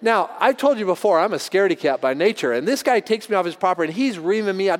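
Animated high-voiced man preaching in a hall. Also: fast talker, hardly any pauses. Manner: animated, acts out voices in his anecdotes. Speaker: pastor. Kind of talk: storytelling sermon. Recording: long hall reverb.

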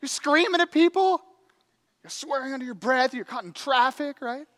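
Male pastor, sermon, animated storytelling, casual conversational delivery. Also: extremely high pitch, normal speed. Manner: animated storytelling with acted quotes.

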